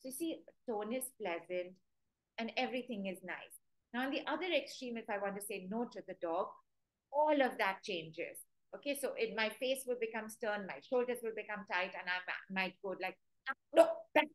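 A woman's voice: medium pitch, moderate pace, low-quality recording. A woman giving a live webinar lesson as a dog trainer, chatty and quizzing her viewers. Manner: chatty, asks the audience direct questions; acts out stern and sweet commands to dogs.

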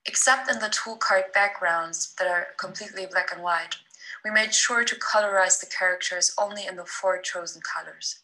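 A woman, a design student, reads a scripted presentation in a steady, explanatory way. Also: on the low side, moderate pace, poor audio.

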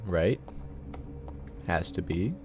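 A man's voice: low-pitched, expressive, extremely slow. A man giving casual, muttered gameplay commentary, often swearing in frustration at the game. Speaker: gaming channel host. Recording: keyboard and mouse clicks behind.

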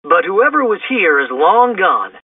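A take-charge teenage boy leader, as a man reads him aloud, gives orders to the group in a lively voice. The sound is husky, with a dry, thin, phone-like quality, as if it is heard from a distance. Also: high-pitched, a little slow, dry recording, voice pushed up, heavily acted. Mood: leading. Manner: commanding, rallying.

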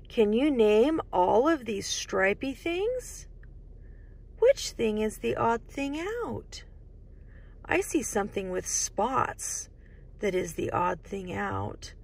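A high, lively woman's voice leads a children's picture-book storytime, her pitch swooping up on every question to the little ones. She talks slowly and with a gravelly edge, and now and then drops to a hush. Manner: sing-song questions to kids, drops to whispers.

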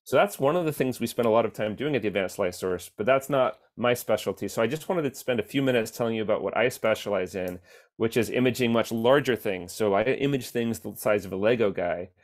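A man with a fairly low voice explains his lab work in a relaxed, plain way for families. He pauses often with ums, and his voice comes through a video call. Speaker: beamline scientist giving a virtual tour. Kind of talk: casual explanatory talk.

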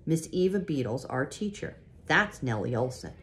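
A woman's voice: sits low, very animated, moderate pace, a bit bright, a little hiss or hum. A woman voicing a bossy, chatty redheaded schoolgirl in a storybook.

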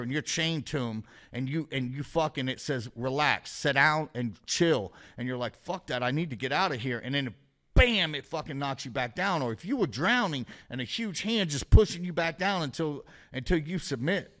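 A man's voice: on the high side, lively intonation, fairly quick, a bit bright. A man, a podcast guest, telling a story in a casual, rambling way with constant swearing and a vivid play-by-play.

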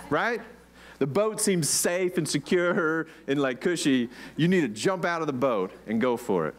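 A man's voice: a little high, lively intonation, normal speed. A man preaching a casual sermon, chatty and joking, with rhetorical questions and many "like"s. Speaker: pastor.

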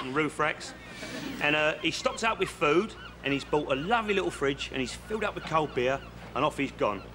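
A man's voice: on the high side, background noise. A man telling a joke in a rambling, chatty way, correcting himself as he goes. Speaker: comedian. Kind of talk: comic joke-telling monologue.

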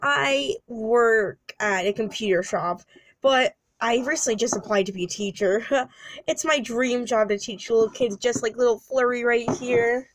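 Giggly young dad and husband, voiced by a woman: eager, high, unhurried. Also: lightly acted, poor audio. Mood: cheerful.

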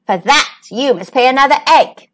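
A woman voicing a cunning old female pig stranger who bargains slowly and slyly in a storybook reading. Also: high voice, expressive, fairly bright tone. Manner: slow, wheedling, bargaining.

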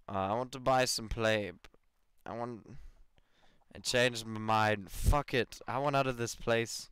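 A young man hosting a casual let's-play, excitable and swearing freely as he reacts to the game. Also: mid-range voice, a little slow, clear, resonant tone, dry recording, clean studio sound. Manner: excitable, swearing, laughing, reads game text aloud. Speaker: gaming channel host.

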